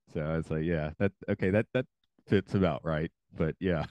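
A man co-hosting a podcast, chatting casually and halting with frequent restarts. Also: rumbling low, a little mellow, no room sound, muffled recording. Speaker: podcast co-host. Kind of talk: casual chat.

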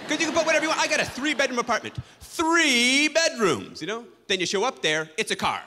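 A man's voice: high voice, long reverb tail, background noise. A man doing a stand-up comedy set on a club stage, ranting with exasperated sarcasm.

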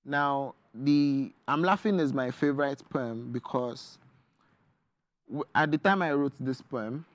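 A man's voice: medium pitch, slow, dry recording. Earnest Nigerian man, dry close sound. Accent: Nigerian English. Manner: earnest, reflective, with many fillers. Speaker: poet and author guest. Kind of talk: studio interview, reading his poetry. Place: TV studio.

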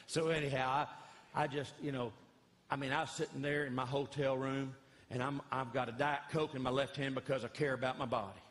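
A middle-aged man telling animated, folksy comic stories as a Christian comedian in front of a live audience. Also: medium pitch, a little fast. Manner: folksy, animated, acts out voices of others. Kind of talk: live stand-up storytelling. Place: church hall with a live audience.

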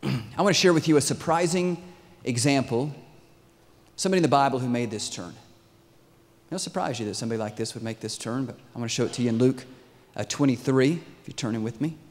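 A male pastor delivers a sermon with animated energy, often throwing questions to the congregation. His voice sounds at an average pitch, trailed by the long reverb of a large church hall. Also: quick pace. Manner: animated, asks the crowd questions.

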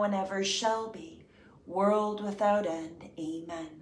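A woman leading the rosary, speaking gently and reverently, at times dropping to a whisper as she reflects between prayers. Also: medium pitch, echoey room, a little hiss or hum. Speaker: prayer leader.

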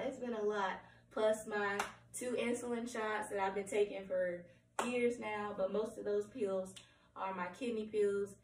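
Hoarse woman rambling from across a room. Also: mid-range voice, slight background noise. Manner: rambling, apologetic, with frequent ums. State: hoarse, voice cracking. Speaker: vlogger. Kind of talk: candid personal update. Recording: roomy, distant from the mic, faint room ambience.

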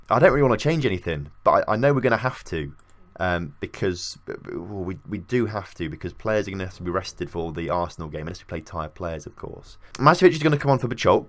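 A young man with an excitable, chatty, self-mocking manner, giving casual commentary on a football management game as the channel's host. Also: low voice. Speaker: game streamer.

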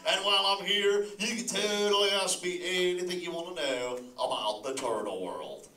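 A man doing Crush, a bright surfer-dude sea turtle. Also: high voice, moderate pace, slight background noise. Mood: stoked, laid-back. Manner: drawls "dude" constantly in surfer slang; lively, laughs often, talks straight to the audience. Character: laid-back surfer-dude male sea turtle dad. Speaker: live show performer chatting with an audience. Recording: echoey hall, voice from far off.

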